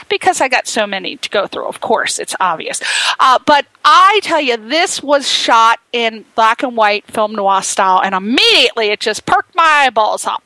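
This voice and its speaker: A high, bright woman's voice, close and dry in the mic. She hosts a casual interview show and gushes in an animated, exclamatory way. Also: no echo, low-quality recording. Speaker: host.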